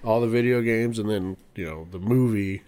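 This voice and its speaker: A man's voice: on the low side, moderate pace, a little mellow, clear, resonant tone. A young man co-hosting a podcast, in easygoing casual chat with short replies. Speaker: podcast co-host.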